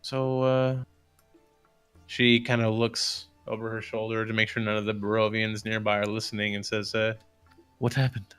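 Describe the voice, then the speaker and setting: A man narrating a tabletop game as game master, easygoing and halting. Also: on the low side, completely flat delivery, a bit bright, smooth, soft background music.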